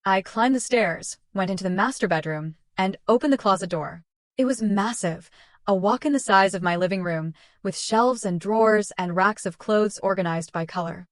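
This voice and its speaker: Woman reading a storytime, steady and even, mid pitch, dead dry audio. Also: normal speed, dry recording. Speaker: narrator. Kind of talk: first-person story narration.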